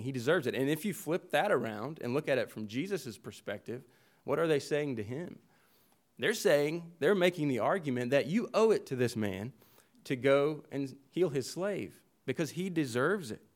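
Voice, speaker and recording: A pastor preaching an earnest expository sermon, building his points through emphatic repetition, with frequent restarts. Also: mid-range voice.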